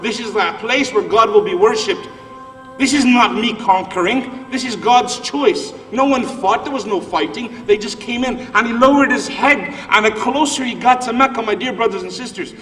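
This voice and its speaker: Man, high voice, impassioned sermon, far from mic. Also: fairly bright tone. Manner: impassioned, rising and falling delivery. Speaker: preacher. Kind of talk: emotional sermon. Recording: distant speaker in a reverberant hall with music.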